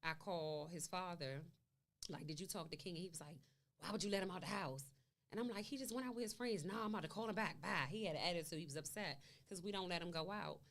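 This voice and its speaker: A woman's voice: fairly low pitch, fast talker, fairly bright tone. A woman being interviewed, recounting events at length and acting out the dialogue in her story. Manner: long retelling with quoted dialogue. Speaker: interview guest, mother. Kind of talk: conversational storytelling.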